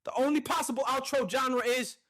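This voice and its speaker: A man's voice: very high voice, steady tone, brisk, a bit bright, dry recording, clean studio sound. A synthetic male voice playing a brash, profane AI mobster character, boastful and hyped-up in comic banter. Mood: swaggering.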